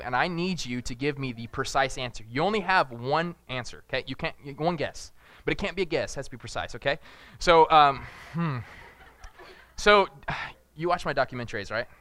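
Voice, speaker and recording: A man's voice: mid-range voice, sharp tone, no echo. A young man giving a casual, jokey sermon, acting out characters with big jumps in his voice. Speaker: preacher.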